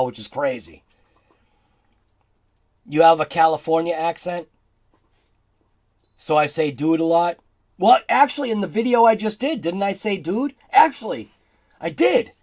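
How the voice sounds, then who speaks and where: A man with a Boston accent hosting a casual livestream, rambling and laughing as he reads chat aloud. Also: on the high side. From Boston area, United States. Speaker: livestream host.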